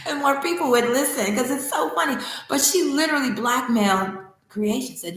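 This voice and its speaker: A woman's voice: high-pitched, lively intonation, moderate pace, few pauses, a bit bright. A woman spiritual teacher giving a casual devotional talk, a chatty, digressive storyteller who laughs easily and reads aloud from a book. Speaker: spiritual teacher and temple founder. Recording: very echoey room.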